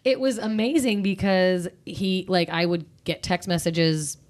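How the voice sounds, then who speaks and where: A woman's voice: on the low side, a little slow. A woman in her thirties in casual chat, telling stories and acting out the voices of others. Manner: animated storyteller, acts out quoted voices.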